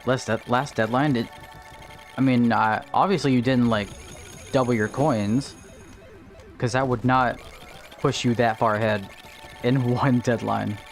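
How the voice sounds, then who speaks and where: Male streamer, mid-pitched, relaxed chat over faint game music. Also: a little slow, long pauses. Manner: casual, thinking aloud, greets chat. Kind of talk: live gameplay commentary.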